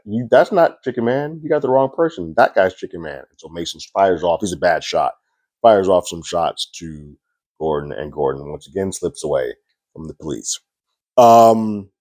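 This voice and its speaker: A man reviews a TV episode in a casual, conversational recap, slipping into the characters' lines as he retells the plot. His voice sits low and is a little mellow, and the recording is dry.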